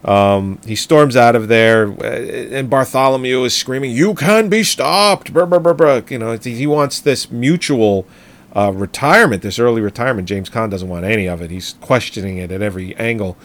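Low-voiced man, rambling recap. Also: normal speed. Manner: rambling, hesitant, many fillers. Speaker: podcast co-host. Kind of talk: casual film discussion.

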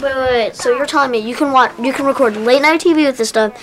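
A woman playing an amazed young woman, high voice, over trailer music. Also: fast talker, close to an everyday voice. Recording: film trailer clip with music.

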